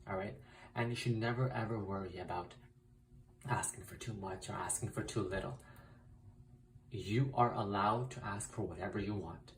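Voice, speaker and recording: Low-voiced man, emphatic and insistent. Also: fairly even intonation, normal speed, distant mic, a little hiss or hum, low-quality recording. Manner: emphatic, repetitive, uses mild swearing. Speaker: spiritual content creator. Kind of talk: casual instructional vlog.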